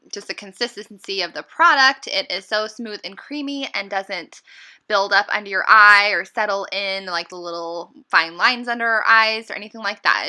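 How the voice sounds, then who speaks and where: A woman's voice: medium pitch, pushed and bright. A woman beauty vlogger giving a casual, upbeat makeup tutorial, chatty and full of fillers.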